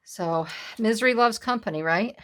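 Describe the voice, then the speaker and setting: A woman's voice: on the high side, normal speed. A woman hosting a collage craft video, chatting casually and telling stories while she works. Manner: chatty, storytelling, laughs easily.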